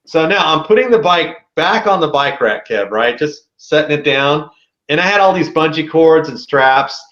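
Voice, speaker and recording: A man as a podcast guest telling a story in a casual, animated way, with a lot of slang. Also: a little high, moderate pace, roomy sound, muffled recording.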